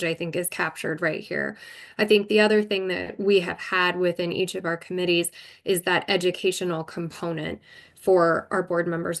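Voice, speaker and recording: A woman chairing a virtual board meeting, talking through procedure carefully and thinking aloud. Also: lowish voice.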